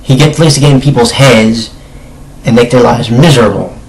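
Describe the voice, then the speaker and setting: Male reviewer with a mid-range, slightly hoarse voice. Casual and emphatic, with lots of self-corrections. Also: medium pitch, moderate pace, low-quality recording. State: slightly hoarse, clearing his throat. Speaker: anime reviewer. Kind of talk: casual spoken video review.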